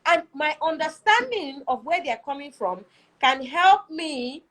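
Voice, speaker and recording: A woman's voice: high voice, lively intonation, a little slow, a bit bright, poor audio. A young woman, speaking earnestly about marriage as a guest and often checking in with her listeners. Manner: earnest, keeps asking "do you see?". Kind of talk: conversational teaching talk.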